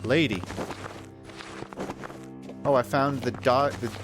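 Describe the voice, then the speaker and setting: A man's voice: medium pitch, fairly even intonation, slow, over music. A man streaming video game demos late at night and commenting casually, with offhand jokes. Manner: joking, offhand, tired late-night banter. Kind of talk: casual live commentary while gaming.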